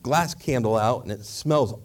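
A man's voice: mid-range voice, measured pace. A male preacher telling a parable in a sermon, acting out every part of the dialogue. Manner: animated storyteller acting out dialogue. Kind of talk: sermon storytelling. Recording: voice a bit far from the mic.

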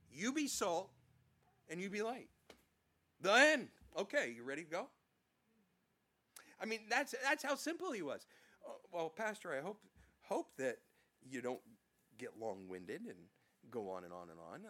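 Middle-aged male pastor, slightly high-pitched, preaches in a folksy, plain way, repeating words as he goes. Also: sharp tone. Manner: folksy, down-to-earth preaching with many restarts. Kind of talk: sermon.

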